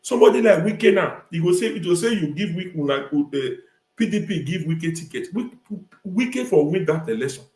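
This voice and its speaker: A Nigerian-accented male host delivers a ranting live-stream commentary, hammering his points by repeating the same words. His voice sits a little higher than most men's. The room around him rings with a noticeable echo. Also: animated, moderate pace, darkish tone. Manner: emphatic, repeats phrases. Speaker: talk show host.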